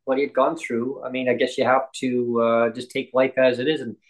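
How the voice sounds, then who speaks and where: Halting man, casual podcast chat. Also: medium pitch, little pitch movement, low-quality recording. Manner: halting and rambling, many ums and restarts. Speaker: podcast host and guest.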